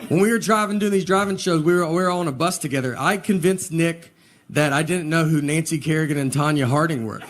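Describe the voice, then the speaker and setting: A man performing a stand-up comedy set, telling stories in a slow deadpan way with hesitant pauses. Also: on the high side. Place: live comedy venue with audience. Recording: live show with audience laughter and background noise.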